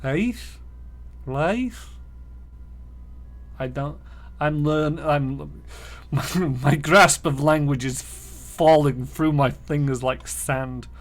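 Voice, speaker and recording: A man's voice: a little high, steady tone, slow pace. A man streaming a role-playing game, reading its text aloud, stumbling over words and mocking himself.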